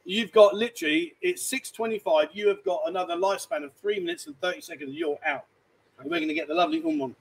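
Cheeky guy hosting a bar stream, high voice, rambles and teases. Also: big pitch swings, fast talker, creaky, slightly rough, rough recording. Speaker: livestream host. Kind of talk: casual banter. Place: bar, indoors.

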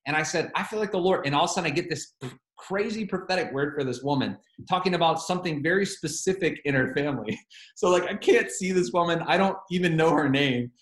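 A man's voice: on the high side, a little fast, reverberant. A man preaching a sermon, telling a story with animation and quoting both sides of a phone call.

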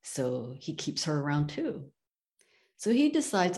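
A woman's voice: low-pitched, big pitch swings, a little slow, a little mellow. A woman presenting in a webinar, telling a parable in a conversational way, often checking in with her listeners. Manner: conversational, checks in with "okay?" and "you know". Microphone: video call.

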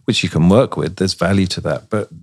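A man's voice: low voice, a little fast, slightly rough. A man who runs men's groups, speaking bluntly and dryly in a casual conversation.

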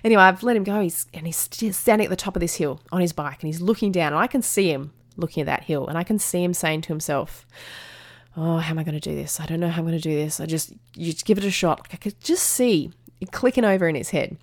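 A woman in her thirties hosts a motivational podcast. She tells the story with energy and voices each person in it. Her voice sits fairly low and sounds close and dry on the mic. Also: fast talker, no room sound. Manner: animated, acts out dialogue in voices. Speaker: podcast host.

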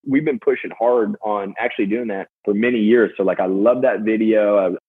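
A man guest in a casual interview, telling stories fast and energetically with many fillers. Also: on the low side, steady tone, slightly rough. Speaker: podcast guest, sales manager. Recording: tinny phone-line sound.

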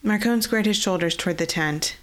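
A woman author reading her own fantasy story aloud in a steady scripted narration and hosting the podcast. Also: medium pitch, a little fast.

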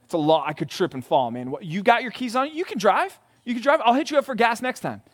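Whiny, excuse-making young mooch, voiced by a man in a sermon aside, high-pitched. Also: sing-song, fast talker. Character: lazy mooching young male friend.

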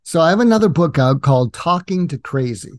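Older male guest, author, animated storyteller. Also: fairly high pitch, fairly quick. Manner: animated storyteller acting out quoted dialogue. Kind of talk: casual storytelling interview.

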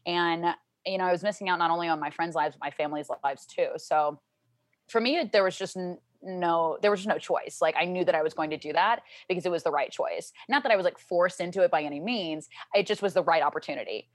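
A young woman from Louisiana, a guest in a casual interview, telling stories and acting out her family's lines in high, excited voices. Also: quick pace, no echo.

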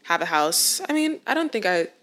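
A woman's voice: fairly low pitch, brisk. A woman in her twenties co-hosting a podcast, chatting casually and reflectively with lots of fillers. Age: 20s. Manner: relaxed, reflective, filler-heavy. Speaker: podcast co-host. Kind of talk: casual chat.

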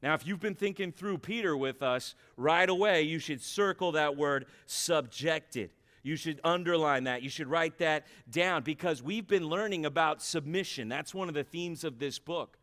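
A man's voice: on the high side, moderate pace, few pauses, a bit bright. A man preaching a sermon as pastor, emphatic and repetitive. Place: church.

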